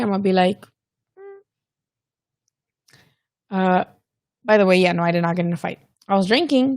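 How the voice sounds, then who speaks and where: A woman's voice: mid-range voice, gravelly, dry recording, studio quality. A woman hosting a casual live-stream about boxing, talking candidly with plenty of swearing and bits of Spanish slang. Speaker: boxing channel host.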